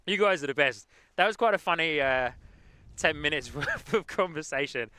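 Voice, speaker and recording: A man with a London-tinged English accent, casually chatting as host of a live stream and reading out viewer comments, easygoing and quick to laugh. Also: fairly high pitch, animated, bright, forceful tone, clean tone. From England. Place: outdoors at an airport plane-spotting spot.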